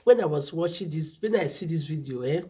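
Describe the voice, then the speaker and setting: A woman's voice: low voice, animated, brisk, dark tone, husky. A woman hosting a reaction video, talking casually and effusively, often hunting for words. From Nigeria. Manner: effusive, repeats exclamations, searches for words.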